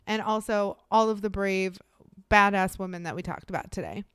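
A young woman co-hosts a podcast in a blunt, animated chat and swears freely. Her voice is smooth and resonant, recorded close and dry. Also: mid-range voice, moderate pace, no echo. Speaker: podcast co-host. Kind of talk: casual chat.

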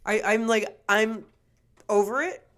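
A woman's voice: medium pitch, slow pace, a bit bright. Blunt, swearing young woman ranting. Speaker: podcast co-host. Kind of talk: casual chat.

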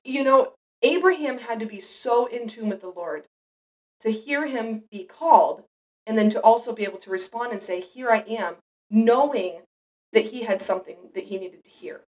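A woman's voice: fairly high pitch, lively intonation, moderate pace, recorded from a distance, rough recording. A mother giving an earnest, reflective devotional Bible teaching, speaking directly to the listener.

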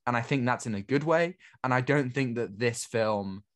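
A man's voice: mid-range voice, normal speed. Guy co-hosting a movie podcast, chatty and opinionated. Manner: opinionated, thoughtful, lots of "I feel like". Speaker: podcast co-host. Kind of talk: casual film review chat.

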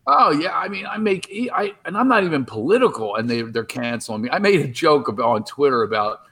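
A middle-aged comedian talking on a podcast interview by remote call, rambling and animated, with many restarts. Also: male voice, a little high, a little fast, breathy edge. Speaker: comedian guest.

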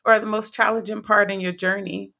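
A woman's voice: mid-range voice, flat delivery, a little fast, vocal fry, pushed and bright. A woman interviewing a guest, asking casual questions with lots of "like.". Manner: casual, filler-heavy with many "like"s.

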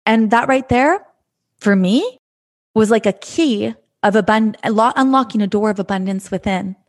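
A woman coach talking in a gentle, earnest monologue, often repeating her phrases as she reflects. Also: medium pitch, moderate pace.

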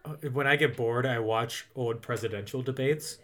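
A man co-hosting a podcast, recapping a movie in casual chat with wry, deadpan asides. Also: medium pitch, normal speed. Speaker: podcast co-host.

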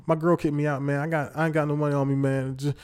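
Man imitating a pushy young panhandler, drawling, raised pitch. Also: flat delivery, fast talker, a little mellow, smooth, close to an everyday voice. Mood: pleading.

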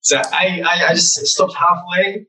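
A young man telling lively stories about his childhood as a guest in a casual interview. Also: sits high, a little slow, far from the mic, low-quality recording. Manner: animated, acts out childhood memories.

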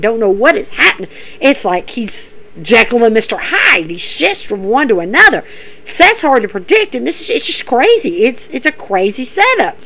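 A woman's voice: fairly high pitch, low-quality recording. A woman hosting a podcast, giving a chatty, repetitive play-by-play recap in a casual commentary style. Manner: chatty, repeats herself, animated play-by-play. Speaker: podcast host.

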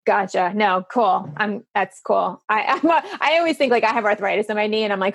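A woman in her fifties hosts a relaxed interview in a chatty, self-deprecating way, laughing easily at herself. Her voice sits at an ordinary middle pitch. The sound is dry and close, with almost no room echo. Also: a little fast, gravelly, few pauses. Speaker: podcast host. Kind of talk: casual conversational interview.

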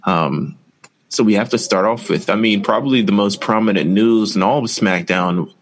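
A man's voice: on the low side, moderate pace. A man co-hosting a podcast, chatting in a loose, opinionated, rambling way. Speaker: podcast co-host. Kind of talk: casual wrestling chat.

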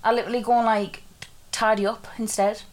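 A woman co-hosting a casual podcast, teasing her friend as she tells a story. Her voice sits a little high, and she swears and laughs freely. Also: little pitch movement, brisk, very noisy. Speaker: podcast co-host. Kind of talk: casual chat.

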